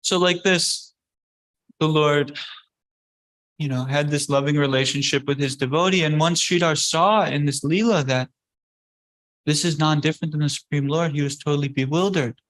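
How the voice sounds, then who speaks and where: A man teaching a scripture class, telling the story in a conversational, halting way. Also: fairly high pitch, fairly bright tone, poor audio. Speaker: religious teacher.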